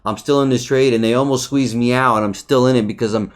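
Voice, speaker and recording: A man's voice: mid-range voice, steady tone, quick pace. A man casually reviewing a trading chart, talking loosely, swearing often, restarting phrases and checking in with "right?". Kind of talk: casual market recap over a chart.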